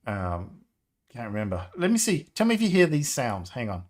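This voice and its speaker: A man in his fifties chatting casually on a live stream, rambling, nostalgic and quick to laugh. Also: medium pitch, wildly swooping pitch, darkish tone. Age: 50s. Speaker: game developer livestreamer.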